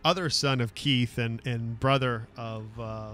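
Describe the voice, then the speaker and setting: A man giving measured hockey analysis, pausing on "uh" as he thinks. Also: medium pitch, steady tone, fairly bright tone. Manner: measured, lots of "uh" while thinking. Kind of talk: casual sports talk.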